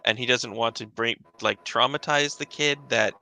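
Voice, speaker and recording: A man's voice: medium pitch, steady tone, normal speed, creaky, bright, forceful tone, poor audio. A man in casual chat about fiction, rambling and swearing often.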